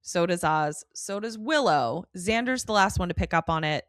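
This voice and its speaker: A middle-aged woman co-hosting a podcast, recapping an episode in a casual, animated way and slipping into quoted voices. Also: lowish voice, normal speed, dry recording, clean studio sound. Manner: animated storytelling, slips into quoted voices, swears. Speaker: podcast co-host.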